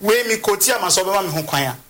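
A lawyer explaining legal process on a talk show, halting and repeating words as they go. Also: medium pitch, animated, a bit bright. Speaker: lawyer guest.

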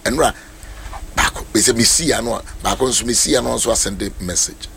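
A man preaching a sermon as a pastor, animated and rising to shouts. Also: mid-range voice, fairly quick, vocal fry, a little hiss or hum.

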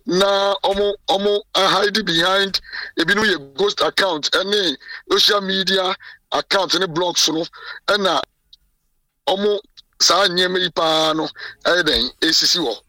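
A man's voice: high voice, measured pace, bright, forceful tone, dry recording, recorded from a distance, low-quality recording. A man with a Ghanaian accent, president of a journalists' association, speaking emphatically in a radio interview with many restarts. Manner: code-switching, emphatic, frequent restarts.

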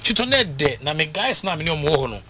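A man with a Ghanaian accent hosting a radio talk show, telling stories in a lively, sing-song way and mixing Twi with English. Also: a little high, fast talker, background noise. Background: music bed.

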